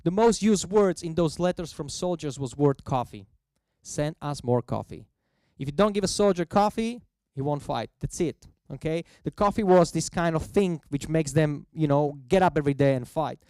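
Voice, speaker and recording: Man, festival talk, lively storyteller, smooth clear voice, dry close sound. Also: a little high, normal speed, dry recording. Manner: lively storyteller who acts out quoted voices; non-native English phrasing. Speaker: bartender giving a festival talk. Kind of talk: lecture on coffee cocktail history.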